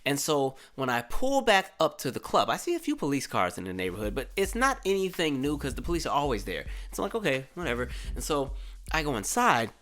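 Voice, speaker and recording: A man's voice: mid-range voice, fairly quick. A man in his twenties, a podcast host telling a story casually, acting out the people in it with a raised voice. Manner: animated, acts out quotes with raised voice.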